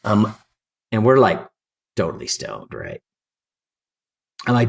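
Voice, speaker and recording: A man in his fifties, from California, telling lively stories as a podcast guest and acting out quoted dialogue. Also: on the low side, slow, creaky. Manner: animated storyteller, acts out quoted dialogue. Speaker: guest climber. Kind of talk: storytelling interview.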